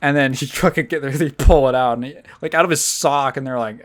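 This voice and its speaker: A man's voice: medium pitch, a little fast, hardly any pauses. A young man hosting a casual podcast, rambling with many fillers, laughing and acting out quotes from what he describes. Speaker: podcast host.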